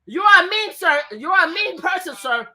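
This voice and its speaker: Loud high-voiced woman livestream host. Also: expressive, normal speed. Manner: loud, repeats pleading commands. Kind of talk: heated livestream argument.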